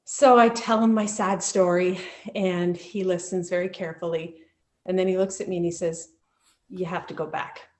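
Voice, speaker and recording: A woman's voice: lowish voice, fairly even intonation, moderate pace. Woman telling a vivid personal story. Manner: vivid, emotional, conversational telling. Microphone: video call.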